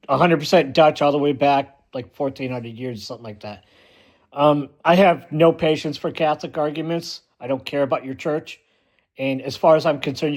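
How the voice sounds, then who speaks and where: A man delivering a blunt, emphatic ranting monologue as a vlogger, often repeating himself for force. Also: mid-range voice.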